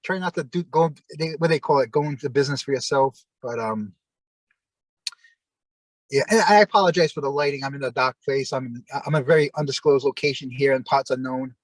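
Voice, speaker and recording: This middle-aged ex-wrestler talks briskly at a medium pitch, telling rambling, casual stories on a video call and acting out the voices of anyone he quotes. The recording is rough, though free of echo.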